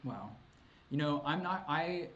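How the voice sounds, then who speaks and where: A man's voice: a little high, expressive, unhurried, fairly bright tone, dull audio, slight background noise. A man answering chat questions on a casual livestream, rambling and hesitant with many ums and likes, laughing often and swearing casually.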